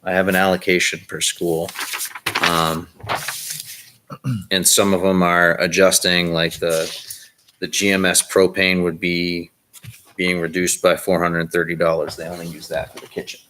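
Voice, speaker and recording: A low-pitched man speaks in a flat, even tone as he reports budget items at a public meeting. He talks in a plain, businesslike way, with frequent ums and uhs. A faint hiss sits under the meeting-room mic. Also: unhurried, poor audio. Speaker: school district official.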